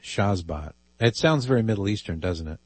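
A man's voice: lowish voice, animated, normal speed, breathy edge, dry recording. A man hosting a radio talk show, chatting wryly and reading listener emails aloud.

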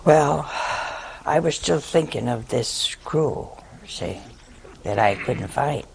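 A woman's voice: rumbling low, animated, slow, vocal fry, slight background noise. An older woman, a nun, telling a humorous story to listeners in a chatty, self-mocking way. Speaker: nun giving a talk.

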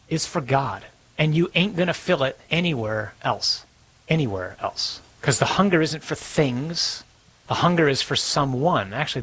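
A man's voice: medium pitch, breathy edge, poor audio. A man preaching a sermon as a priest, conversational and emphatic, repeating words for stress.

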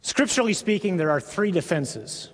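A man preaching a sermon in an earnest, emphatic way, stressing words slowly. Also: sits high, expressive, in a large hall.

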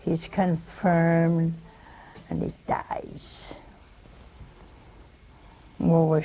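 Woman, sermon, husky gravelly voice, slow delivery, folksy teasing questions to listeners. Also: mid-range voice, darkish tone, rough recording. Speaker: preacher.

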